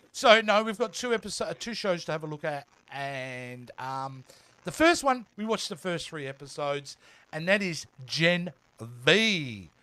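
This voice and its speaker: A man's voice: high voice, fairly bright tone. A man with an Australian accent co-hosting a casual live show, greeting viewers and trailing off with fillers. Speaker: co-host.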